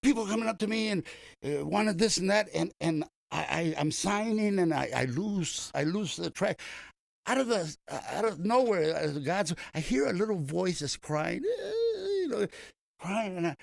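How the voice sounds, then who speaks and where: An older man from East Los Angeles spins a long personal story in a gravelly, slightly high voice, stopping and restarting as he goes. His voice sits close and dry, the way it sounds in a radio studio. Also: very animated, moderate pace, dry recording. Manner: rambling anecdotes with many restarts and fillers. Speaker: comedian guest. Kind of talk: casual storytelling interview.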